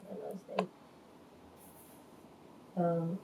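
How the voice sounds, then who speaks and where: A woman in her forties from Nigeria tells a painful personal story, pausing often with halting, hesitant speech. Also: fairly low pitch, flat delivery, background noise. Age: 40s. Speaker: reality show contestant. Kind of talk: emotional personal testimony. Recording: echoey room, faint ambience.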